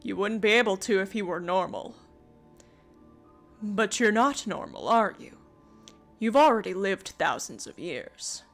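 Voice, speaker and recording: A woman's voice: medium pitch, lively intonation, unhurried, pauses often, faint music behind. A Canadian woman reading aloud the lines of an ancient time-bending creator being in a text adventure, in a plain, expository manner. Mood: explaining.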